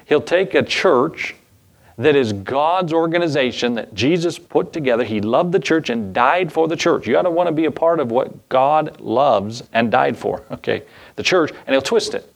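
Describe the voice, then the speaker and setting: A man's voice: mid-range voice, lively intonation, moderate pace, gravelly. A male pastor preaching a sermon in a casual, folksy way, with asides and chuckles.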